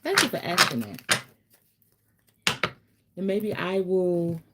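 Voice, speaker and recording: A woman hosting a casual teaching stream, talking straight to her viewers in a chatty way and breaking into dramatic, animated asides. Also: fairly low pitch, takes it slowly, noisy background. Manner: chatty, addresses viewers directly. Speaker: host, spiritual teacher.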